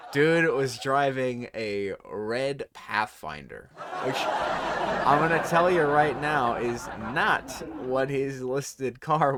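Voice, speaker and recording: A man tells a long comic story in a casual, rambling way. He keeps breaking off, laughing and going back over his words. His voice swoops up and down a lot, and there is steady noise under the recording. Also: mid-range voice. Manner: rambling, self-interrupting, laughing through his stories. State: tired. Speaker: host. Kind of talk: casual comedic storytelling monologue.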